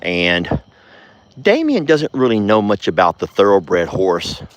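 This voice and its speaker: A man's voice: lowish voice, huge pitch swings, slow, no room sound. A man, running a ranch vlog and chatting folksily to his animals and his viewers. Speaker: ranch vlogger. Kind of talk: casual vlog chat. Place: outdoors on a ranch at night.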